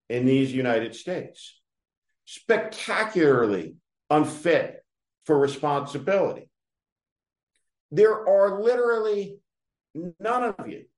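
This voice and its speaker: A male political commentator delivering a direct-address rant, scornful and emphatic, speaking straight at the person he criticizes. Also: sits high. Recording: roomy echo.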